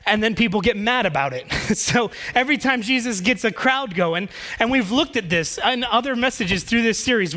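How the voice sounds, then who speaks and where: Male pastor, casual joking sermon, high bright voice.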